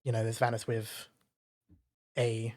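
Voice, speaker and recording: A man at a mid pitch narrates a tabletop game as its dungeon master. He fills his descriptions with small pauses and fillers and keeps an easy, unhurried pace. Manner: descriptive, relaxed, many fillers.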